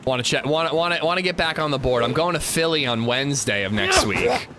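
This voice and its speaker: A man's voice: on the high side, expressive, fast talker, sharp tone, a little hiss or hum. A man in his thirties chatting casually on a game livestream, greeting viewers and joking between gameplay remarks. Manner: chatty, greets chat by name, jokey. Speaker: game streamer.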